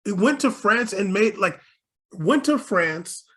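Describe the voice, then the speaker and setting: A young man co-hosting a podcast, telling stories in a casual, excitable way and stumbling over repeated words as he starts. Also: high-pitched, slow. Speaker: podcast co-host. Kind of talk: casual chat.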